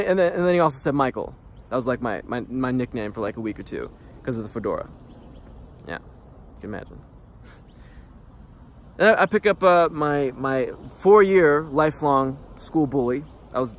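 Profane, animated man telling a story. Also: medium pitch. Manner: profane, animated, rambling with restarts. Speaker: vlogger. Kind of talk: candid personal storytelling.

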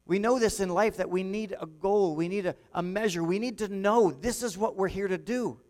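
Male pastor, conversational sermon delivery, slightly higher voice, long hall reverb. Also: normal speed, darkish tone. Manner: conversational, repeats and restarts often.

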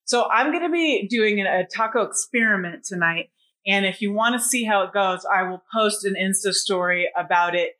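A woman's voice: medium pitch, normal speed, sharp tone. A woman hosting a casual livestream from home, bubbly and chatty, greeting viewers as they join. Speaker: livestream host.

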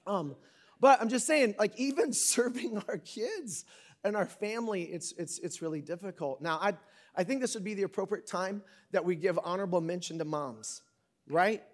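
High-voiced joking male preacher. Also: animated, normal speed. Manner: conversational and joking, with big dynamic swings. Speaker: pastor. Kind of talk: sermon.

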